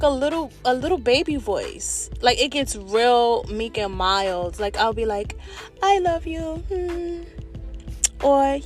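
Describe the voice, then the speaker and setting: A woman, an adult with children, talking openly in a candid personal monologue, animated and expressive, with slang and a bit of cursing. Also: fairly high pitch. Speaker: vlogger.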